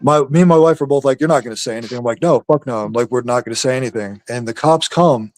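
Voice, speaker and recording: A man's voice: mid-range voice, fast talker, a little mellow, no echo. A man telling a long story on a stream in a rambling, profane, casual way.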